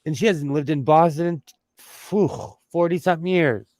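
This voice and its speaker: A man with a Southern California twang chats on his sewing livestream, telling loose stories in a fairly high voice. The sound is close and dry. He gets animated and chatty as he talks. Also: moderate pace, no room sound. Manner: chatty, animated storytelling with laughs. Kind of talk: casual livestream chat.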